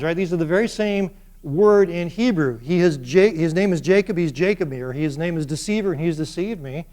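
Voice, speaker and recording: Here a man with a high voice teaches a university class at a moderate pace, energetic throughout and constantly engaging the students by asking them questions.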